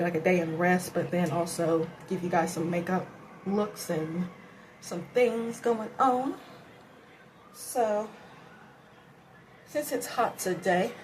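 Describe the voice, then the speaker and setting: A woman's voice: lowish voice, darkish tone, slight background noise, poor audio. A tired woman chatting casually and rambling to herself while she does her makeup at home for a beauty vlog. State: tired and breathing heavily. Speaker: beauty vlogger. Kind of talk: casual makeup tutorial chat.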